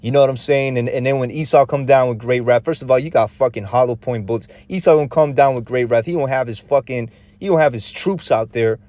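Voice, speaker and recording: A man's voice: medium pitch, fast talker, few pauses, a little mellow, dry recording. A man with a mid-range voice preaches scripture in a loose, street-slang style, heavy with profanity. He stumbles and restarts often, piling up rhetorical questions and checking in with his listeners. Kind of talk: informal scripture teaching.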